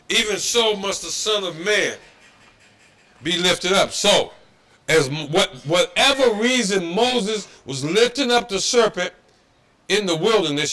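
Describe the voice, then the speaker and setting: Here a high-pitched, animated man delivers a preaching-style scripture lecture on religious history in Detroit. His tone is bright and forceful, his pace unhurried with long pauses, and he is emphatic and repetitive, throwing in mocking asides.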